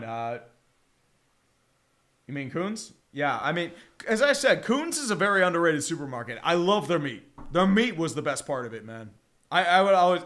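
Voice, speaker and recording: A man's voice: a little high, a bit bright. A man hosting a live game watch-along, rambling casually with viewers, swearing freely and slipping into his own play-by-play calls. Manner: rambling, profane, chatty with viewers.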